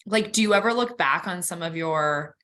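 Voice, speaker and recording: A woman with a bright, sharp voice co-hosting a relaxed self-help talk. She jumps in with short asides and quick quoted remarks, pitched a touch low for a woman. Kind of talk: casual chat.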